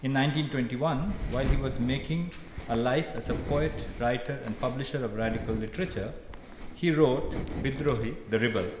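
A man performing a formal, measured reading of a prepared text at a live art event in a large gallery hall. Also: mid-range voice. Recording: echoey hall, background noise.

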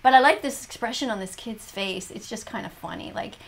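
A woman's voice: mid-range voice, fairly quick, creaky, a bit bright. A woman teacher reacting to a video, lecturing and moralizing as if grading a class. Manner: lecturing, moralizing, grades with check marks. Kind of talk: reaction commentary in mock-classroom style.

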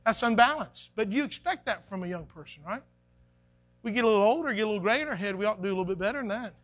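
High-voiced preacher. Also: male voice, expressive, very fast, fairly bright tone. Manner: folksy, conversational preaching with acted-out quotes. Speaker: pastor. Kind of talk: sermon. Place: church sanctuary. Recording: faint music behind, church live stream.

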